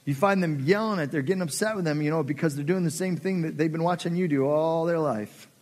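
A man's voice: fairly high pitch, fast talker, darkish tone. A middle-aged man preaching a sermon, passionate and conversational, acting out quoted voices. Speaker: pastor.

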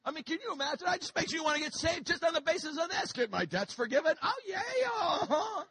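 Brief: male preacher, very high bright voice, dry close sound, fiery and jokey sermon. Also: expressive, fast talker, dry recording. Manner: shouting, joking, high-energy preaching. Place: church.

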